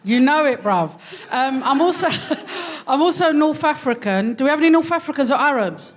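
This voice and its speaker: A woman's voice: sits high, animated, moderate pace, a little hiss or hum. A woman with a London accent doing stand-up on a theatre stage, cheeky, slangy and self-mocking. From Hackney, London. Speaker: stand-up comedian and co-host. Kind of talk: stand-up comedy. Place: London theatre stage before a live audience.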